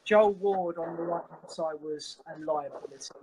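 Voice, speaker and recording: A man's voice: on the high side, moderate pace, background noise. A man on a video call giving his opinions on a football match, earnest and opinionated. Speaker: caller. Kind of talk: casual football chat.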